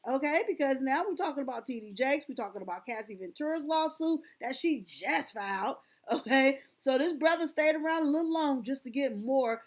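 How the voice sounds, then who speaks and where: A woman hosting a live stream, reading documents aloud and breaking off into exclamatory, chatty commentary to her viewers. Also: fairly high pitch.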